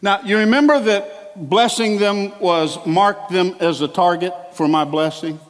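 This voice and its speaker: A male pastor delivering a sermon in a church, animated and exclamatory, with chatty asides to the congregation. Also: sits high, unhurried. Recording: long hall reverb.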